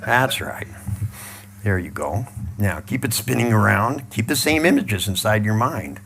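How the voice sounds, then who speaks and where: A man leading a live audience through a mental exercise, mixing blunt swearing with calm repeated cues. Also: lowish voice, a little slow, gravelly, a little hiss or hum. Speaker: seminar trainer.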